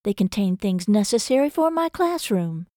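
A woman's voice: mid-range voice, very animated, normal speed, mellow, dry recording, studio quality, natural voice. A woman voicing a prim young schoolteacher who speaks in formal, genteel phrases. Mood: indignant.

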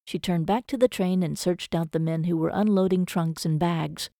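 A woman reads a story as an audiobook in a measured, even manner. Her voice is low and mellow, and the recording is dry and close. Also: dry recording. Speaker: narrator. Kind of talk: audiobook narration.

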